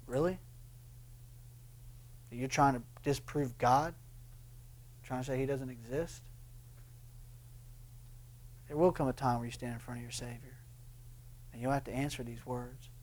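A man delivers an impassioned sermon. His voice leaps up on emphatic lines and sinks low and quiet when he presses a point. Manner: impassioned preaching, swings between loud bursts and hushed lines. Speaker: pastor.

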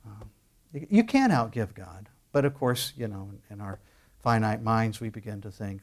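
A man's voice: lowish voice, lively intonation, normal speed. A middle-aged man preaching a sermon as pastor, conversational and full of restarts, rising to bursts of emphasis.

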